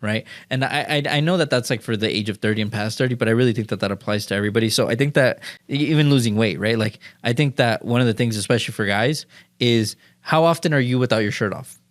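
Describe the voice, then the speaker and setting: Fast-talking man, slangy podcast guest. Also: mid-range voice, dry recording, studio quality. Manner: rambling and slangy, full of "like" and "dude"; animated storytelling. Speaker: podcast guest, marketing and sales speaker. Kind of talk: casual podcast conversation.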